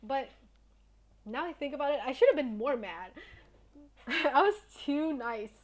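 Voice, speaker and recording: A woman's voice: sits high, expressive, a little slow. A young woman streamer chatting casually with her viewers, telling a story in a blunt, indignant way and swearing often.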